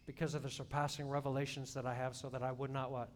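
A man preaching a sermon in a church, swinging between loud emphatic peaks and soft hushed asides. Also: little pitch movement, fast talker. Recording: long hall reverb, faint rumble.

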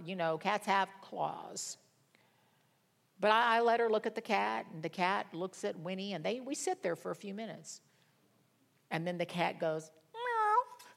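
A woman's voice: mid-range voice, gravelly. A woman preaching a sermon, speaking in emphatic, declarative phrases and mixing in humorous stories.

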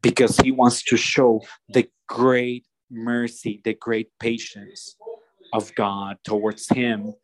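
A man preaching a sermon, slow and deliberate, often restarting his phrases as he explains a passage. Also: mid-range voice, flat delivery, background noise.

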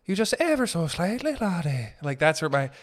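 A man putting on a fussy, old-fashioned gentleman with a drawn-out, sing-song delivery. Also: a little high, very animated, voice pushed up. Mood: lilting.

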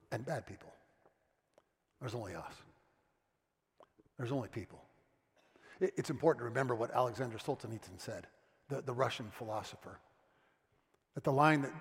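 A man preaching a sermon as a pastor, telling stories and dropping to a hushed tone for serious moments. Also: medium pitch. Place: church sanctuary. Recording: long church reverb.

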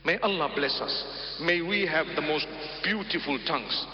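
A man's voice: a little high, moderate pace, a crowd in the background. A man preaching a sermon, emphatic and repetitive, with phrases quoted in Arabic. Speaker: Islamic preacher. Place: large hall at a gathering. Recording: roomy hall, dull lo-fi broadcast sound.

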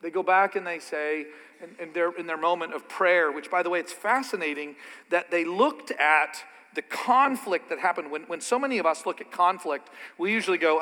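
Bright high-voiced preacher in a reverberant hall. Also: male voice, brisk. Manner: dynamic preaching, swings from soft asides to loud emphatic peaks. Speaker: pastor. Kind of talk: sermon.

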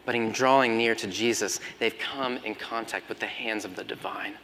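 A man preaching a sermon as pastor, moving between loud emphatic passages and hushed, almost whispered lines. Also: lowish voice, steady tone, moderate pace, a little hiss or hum. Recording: long hall reverb.

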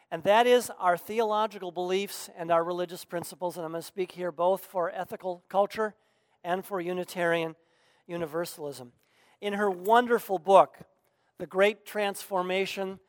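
A man minister preaching a sermon, earnest and emphatic with deliberate pauses, on a close pulpit mic in a large sanctuary. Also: sits high, no echo, long reverb tail.

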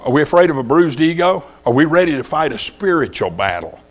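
Texan male preacher, high animated voice, folksy storytelling sermon. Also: a little fast, soft background music. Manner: folksy storytelling with rhetorical questions.

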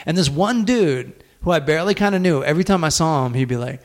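Guy comic hosting a podcast, kinda high voice, swears a ton and gets real worked up telling stories. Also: fast talker. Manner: profane, animated storytelling that climbs into shouted re-enactments. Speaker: podcast host and stand-up comedian. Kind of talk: casual podcast chat.

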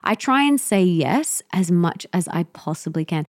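A woman's voice: on the low side, lively intonation, moderate pace, dry recording, studio quality. A young woman hosting a solo podcast, giving parenting tips in an earnest, emphatic way that repeats key points. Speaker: podcast host.

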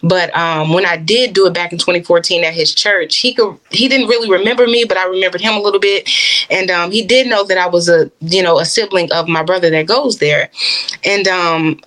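A woman's voice: lowish voice, a little fast, fairly bright tone. A young adult woman minister sharing her personal faith testimony in an interview, earnest and heartfelt, with many fillers.

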